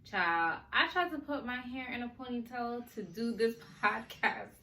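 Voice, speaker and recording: A woman hosting a casual podcast, chatty and animated, laughing often and talking to listeners in slang, her speech a little slurred from a sore mouth. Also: on the high side, unhurried, slight background noise. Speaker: podcast host. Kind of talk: casual chat. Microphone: recorded on video for a podcast. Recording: roomy echo, faint ambience.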